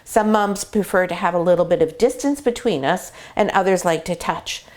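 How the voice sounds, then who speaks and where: In a casual explainer video, a middle-aged dog breeder sits indoors in a whelping box and talks through puppy care step by step in a chatty way. Her voice is lowish and darkish in tone, at a normal speed.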